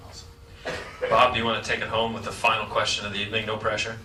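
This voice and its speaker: A man's voice: on the low side, completely flat delivery, very fast, heavy background noise. A man moderating a live festival Q&A in a big cinema, upbeat and jokey as he works the crowd. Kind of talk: live onstage Q&A hosting. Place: large cinema hall at a live event. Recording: echoey hall, distant mic, loud audience.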